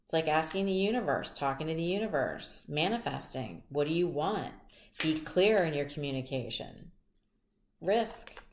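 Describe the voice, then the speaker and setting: A woman's voice: low voice, animated, normal speed, roomy sound, a little hiss or hum. A woman giving a tarot reading, talking in a chatty, rambling way and telling personal stories. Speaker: tarot reader. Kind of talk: casual tarot reading monologue.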